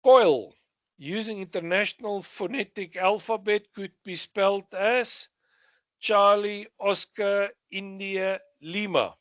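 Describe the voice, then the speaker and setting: A man's voice: high voice, steady tone, takes it slowly, a bit bright, no echo. A man with a South African accent going over radio exam questions, reading each question and then giving the answer with short asides. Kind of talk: exam revision lesson.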